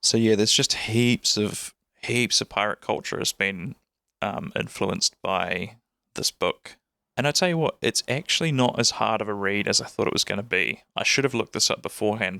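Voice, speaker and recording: A man's voice: on the low side, normal speed, vocal fry, pushed and bright, dry recording, clean studio sound. A man with a New Zealand accent hosting a podcast, chatting in a rambling, enthusiastic way with plenty of fillers. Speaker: podcast host. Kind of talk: casual chat.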